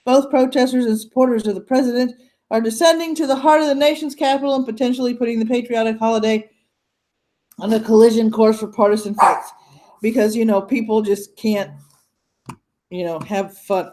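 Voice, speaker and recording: A woman's voice: a little high, a little fast, warm tone, a little hiss or hum. A woman hosting a casual news commentary livestream from home, chatty and sarcastic, talking into her computer's webcam mic. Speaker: host.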